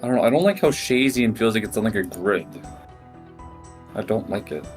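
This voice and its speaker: A man chatting casually with a friend while they play a game together, asking quick questions. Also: fairly low pitch, lively intonation, faint music behind. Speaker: co-player. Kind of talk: casual gameplay chat.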